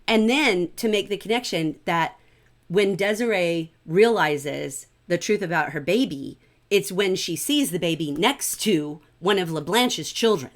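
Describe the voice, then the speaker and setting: A middle-aged woman teaching a livestreamed literature class in an animated, conversational way, often checking in with "right?". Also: mid-range voice, a little slow.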